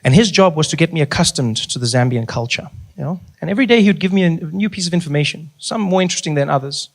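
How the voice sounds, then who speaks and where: A man telling a stand-up story, relaxed, mimicking the people he meets. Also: fairly high pitch, fast talker, vocal fry. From South Africa. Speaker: stand-up comedian.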